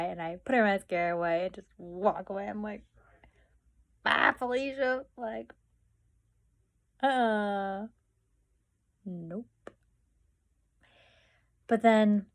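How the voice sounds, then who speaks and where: A young woman vlogging, telling family stories in a chatty way full of fillers and acted-out quotes. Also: medium pitch. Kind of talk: casual storytelling.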